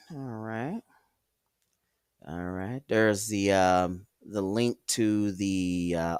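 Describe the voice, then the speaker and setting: A man talks slowly through a casual livestream, rambling, cursing and reading out chat comments. His pitch swings up and down a lot, and he sounds like he is sitting close to a dry mic. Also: a bit bright, clear, resonant tone, no echo. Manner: rambling, profane, mock-tough.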